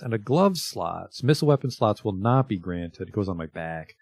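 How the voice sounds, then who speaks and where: A man's voice: fairly low pitch, very animated, normal speed, few pauses, darkish tone, no echo. A man streaming a video game, chatting casually, reading item descriptions aloud and swearing now and then. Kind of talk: casual livestream commentary.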